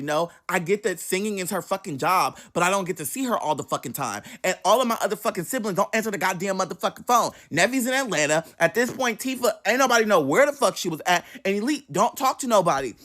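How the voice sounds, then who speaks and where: A man telling a story from his own life in a casual monologue, animated and dramatic, with constant swearing. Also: high-pitched, quick pace, few pauses.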